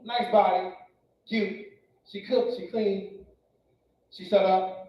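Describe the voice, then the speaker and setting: A male comedian doing a stand-up set, loud and brash, swinging between shouting and muttering, on a club stage. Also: sits high, steady tone, slow pace. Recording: echoey distant club recording, dull sound.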